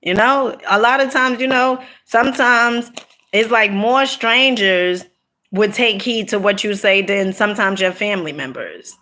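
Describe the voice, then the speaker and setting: A woman's voice: medium pitch, a little slow, bright, forceful tone. A middle-aged woman giving a casual motivational talk, preachy and direct, coaxing her listeners with frequent "okay?" and "you know", laughing between points. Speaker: motivational speaker.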